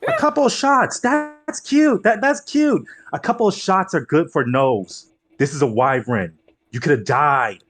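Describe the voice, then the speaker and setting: A man's voice: mid-range voice, expressive, normal speed, a bit bright, voice pushed up, close to an everyday voice. A man voicing an exasperated, sarcastic adult who scolds a band of young adventurers. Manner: sarcastic, mocking. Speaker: tabletop game player.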